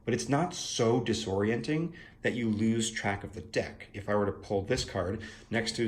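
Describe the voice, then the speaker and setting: A man's voice: on the low side, normal speed. A young man casually reviewing the art of a card deck, musing and thinking aloud, with playful asides and many fillers.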